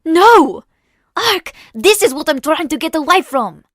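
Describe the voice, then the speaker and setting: A woman's voice: medium pitch, a little slow, darkish tone, slightly rough. A woman voicing a frightened young heroine in an audio story, hissing and pleading in panic. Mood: panicked.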